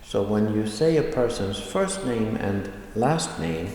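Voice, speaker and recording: A man teaching an online language lesson, explaining slowly and repeating examples. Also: fairly low pitch, sing-song, darkish tone. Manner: slow, deliberate explaining with repetitions. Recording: echoey room with long reverb.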